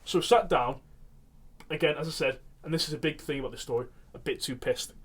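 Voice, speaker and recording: A man's voice: fairly high pitch, a little fast, husky. A man, co-hosting a comedy podcast and telling a long, rambling anecdote. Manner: rambling, animated anecdote with acted quotes. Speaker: podcast co-host. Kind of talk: casual storytelling.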